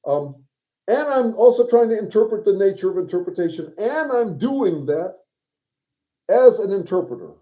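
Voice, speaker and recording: A man's voice: sits high, big pitch swings, moderate pace. A man hosting a livestream monologue, thinking aloud in a wry, digressive way with frequent restarts. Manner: wry, reads viewer comments aloud. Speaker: livestream host and consultant. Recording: tinny phone-like audio.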